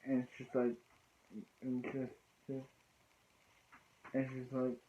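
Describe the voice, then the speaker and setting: A man's voice: medium pitch, completely flat delivery, slow pace, a little hiss or hum. A man casually recapping a TV episode in a rambling way, restarting often and filling gaps with "so yeah" and "so anyway.". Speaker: TV episode reviewer. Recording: tinny phone-like lo-fi sound.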